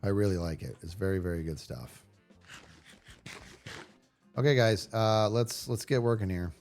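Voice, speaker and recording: A man streaming a video game live, chatting casually with viewers and yelling playfully at the enemies on screen. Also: fairly low pitch, normal speed, soft background music. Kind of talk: casual live gameplay commentary.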